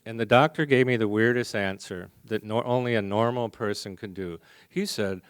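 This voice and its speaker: Brief: low, smooth-voiced Midwestern man, mellow storyteller, dry close mic. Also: normal speed, no room sound. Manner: mellow, soft-spoken, wry humor. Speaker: recovery meeting speaker. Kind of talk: storytelling talk to an audience. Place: conference hall before a live audience.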